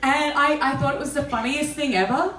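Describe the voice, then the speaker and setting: Her high voice is fairly bright, fairly quick, and fairly even in intonation. On stage at a small venue, this comedian spins crude, self-deprecating stories, often laughing through them. Recorded far from the mic in a roomy room, the audience can be heard laughing and reacting.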